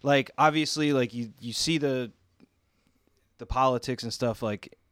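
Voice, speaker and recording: A man's voice: medium pitch, measured pace, a bit bright, no room sound, clean studio sound. A man hosting a podcast in a casual, rambling chat, stoned and loose, talking into a mic at home. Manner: loose and rambling, full of fillers. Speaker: podcast host. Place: room at home overlooking the city. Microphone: studio mic with headphones.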